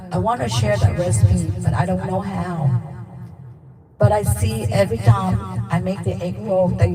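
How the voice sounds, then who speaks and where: A Vietnamese-born woman with a Vietnamese accent, a livestream host telling a personal story in halting English and repeating words for emphasis. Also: lowish voice. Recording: distant mic with music behind.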